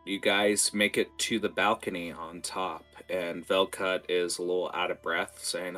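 A man running a tabletop game as game master, talking in a lively, rambling way with fillers. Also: low voice, measured pace, few pauses, faint music behind.

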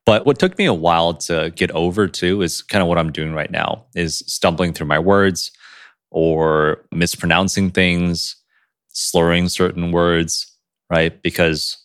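A man co-hosting a podcast in casual chat, animated and quick to laugh. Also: deep voice, clean tone, no echo, studio quality. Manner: animated, laughs often, words tumbling fast. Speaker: podcast co-host.

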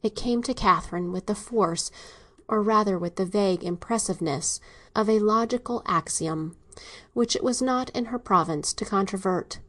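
Medium-pitched and moderately paced, this woman narrates a classic novel as an audiobook reader. The scripted narration keeps to a steady, even storytelling manner.

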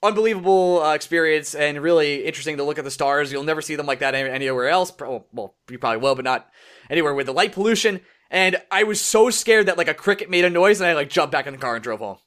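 A young man co-hosting a podcast, telling a story in casual chat and acting out quotes with a lively voice. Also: fast. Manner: animated, acts out quotes in higher voice. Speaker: podcast co-host.

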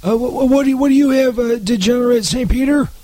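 Really high-pitched guy stammering thru a comedy skit, lots of um and uh, swears a ton, super dry close sound. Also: mellow, no echo. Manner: halting, stumbling over words, profane. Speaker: comedy show regular playing Saint Peter. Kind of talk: comedy sketch.

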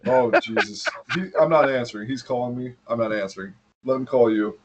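A man's voice: medium pitch, animated, noisy background. A man co-hosting a podcast in casual chat, loose and joking, swearing freely. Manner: loose, swearing, quick to laugh. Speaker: podcast co-host.

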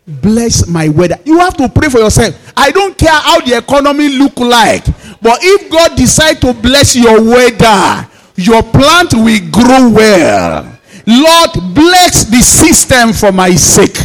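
A man's voice: extremely high pitch, sing-song, takes it slowly. A male pastor with a Nigerian Yoruba accent, leading a fervent prayer sermon in repeated commands and switching between English and Yoruba. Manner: declaring prayers in repeated commands, now and then shouting.

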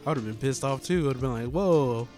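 A man's voice: medium pitch, fast, darkish tone, faint music behind. A man in casual chat with friends, chiming in with short reactions and comments.

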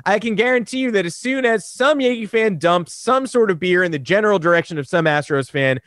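A man co-hosting a sports podcast, hoarse and animated, talking in a sarcastic, rambling way. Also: sits high, fairly quick, dry recording, studio quality. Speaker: podcast co-host. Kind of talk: casual sports podcast chat.

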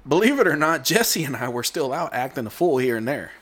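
A man's voice: medium pitch, big pitch swings, brisk, a bit bright. A man, chatting on a podcast and telling stories animatedly, laughing at his own jokes. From Texas. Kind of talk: casual chat.

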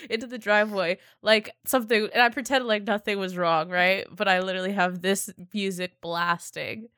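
A woman co-hosting a podcast, telling embarrassing stories with sarcasm and acting out the other people. Her pitch sits mid-range. The recording is close and dry. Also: steady tone, normal speed, fairly bright tone, clean tone, dry recording. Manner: storytelling, sarcastic, acts out quotes. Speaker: podcast co-host. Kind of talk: casual chat.

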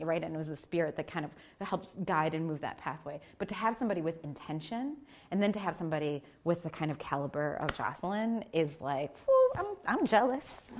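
A woman giving a keynote speech at a live event, telling lively personal stories and acting out family members' voices. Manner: animated, acts out family voices with big pitch jumps. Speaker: keynote speaker.

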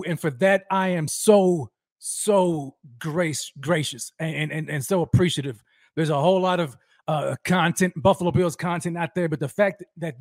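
A man hosting a fan livestream, energetically shouting out viewers by name and talking about how fired up he is. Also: on the high side, dry recording, studio quality. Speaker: host of a fan livestream show. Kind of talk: energetic live-stream roll call.

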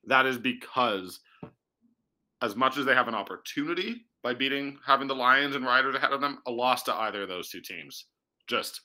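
A man's voice: medium pitch, lively intonation, normal speed, sharp tone, poor audio. A man who works as a sports reporter, chatting casually about football and thinking aloud with fillers and restarts.

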